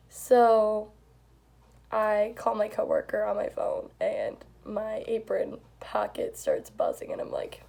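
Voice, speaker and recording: A woman's voice: medium pitch, big pitch swings, slow pace, vocal fry, mellow. A young woman telling a story in a casual vlog, chatty and full of "like", swearing now and then. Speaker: vlogger.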